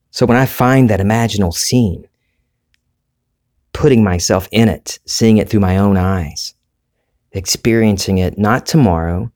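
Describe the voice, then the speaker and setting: A man from the Deep South with a Southern US accent, hosting a reflective monologue in a thoughtful, storytelling way. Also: darkish tone. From Deep South, USA.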